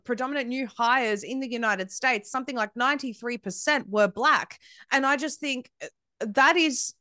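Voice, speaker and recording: A woman's voice: a little high, a bit bright, dry recording, clean studio sound. A woman from Australia, a podcast guest who talks emphatically and scornfully, often restarting her sentences. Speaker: guest, media founder. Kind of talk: podcast conversation.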